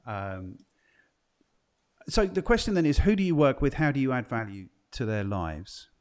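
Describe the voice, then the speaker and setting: A man's voice: mid-range voice, very animated, moderate pace. Guy hosting a chat podcast, mid voice, rambly and musing, keeps asking you know what i mean. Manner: chatty, musing, asks guests questions, frequent "do you know what I mean". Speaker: podcast host and trainer. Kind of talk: casual podcast conversation.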